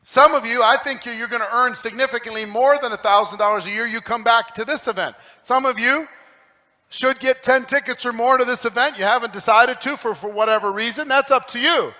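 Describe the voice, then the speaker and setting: High, bright-voiced man preaching emphatically. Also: fairly quick. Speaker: motivational speaker. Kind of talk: stage talk to a live audience. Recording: echoey hall recording.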